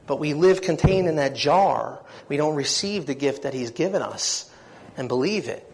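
A man's voice: a little high, animated, normal speed, hardly any pauses, a little hiss or hum. A man preaching a sermon, telling his own story in an earnest, heartfelt way that swells with feeling. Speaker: preacher giving testimony.

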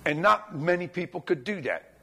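Animated high-voiced male preacher. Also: normal speed, vocal fry, husky. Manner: animated, colloquial storytelling that acts out dialogue. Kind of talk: sermon. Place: church, speaking before a congregation.

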